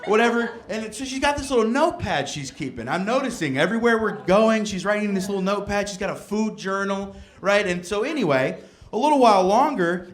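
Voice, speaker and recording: A man doing a stand-up comedy set on stage, telling a story in an animated way and acting out the voices. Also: sits high.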